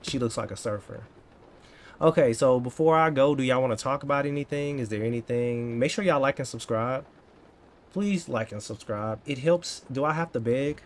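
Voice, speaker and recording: A man's voice: medium pitch, moderate pace. A man in his thirties chatting casually with his viewers in a playful, joking way, now and then tipping into over-the-top dramatics. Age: 30s. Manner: playful and joking, slips into exaggerated dramatic bits. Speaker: coding vlogger. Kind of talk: casual chat to live viewers.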